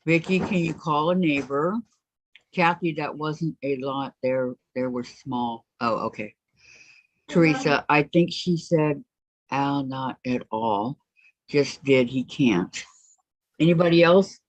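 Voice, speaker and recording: A woman's voice: sits low, slow pace, no echo. Woman reading chat aloud, lo-fi. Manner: reads viewer comments aloud. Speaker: livestream host reading chat. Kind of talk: casual chat. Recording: dull lo-fi stream audio.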